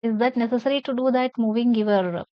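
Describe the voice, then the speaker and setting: A woman's voice: a little high, brisk, clean tone, dry recording. A woman, teaching a class: she explains a play line by line in simple words and spells out names. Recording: dull lo-fi sound.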